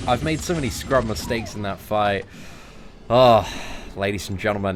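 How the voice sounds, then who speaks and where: A young man hosts a gaming livestream, casually commentating his mobile game at a normal speed and thanking viewers as he plays. He's chatty and jokey, with lively pitch jumps when excited. There's a little hiss or hum, and faint music plays behind him.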